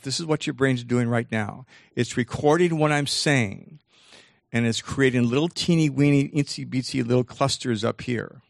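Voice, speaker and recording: Man, 60s, motivational speaker, gravelly voice, animated, playful with the crowd, dry close sound. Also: medium pitch, no room sound. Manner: animated, teasing the audience, acts out voices. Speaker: speaker giving a talk. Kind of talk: motivational talk to a live audience.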